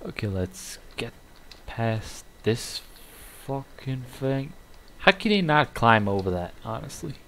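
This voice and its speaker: A man talks through a war game as he plays, slow and unhurried between bursts of swearing and excited shouts. His voice sits at an ordinary pitch, with a faint hiss of background noise behind it. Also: creaky. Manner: profane, muttering, excitable outbursts. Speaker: gamer. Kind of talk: live gameplay commentary.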